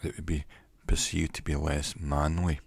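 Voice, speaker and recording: A man giving an educational talk in a measured, reflective way, pausing often between phrases. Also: extremely low pitch, level tone, creaky, slightly rough, no echo. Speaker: teacher. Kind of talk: educational monologue.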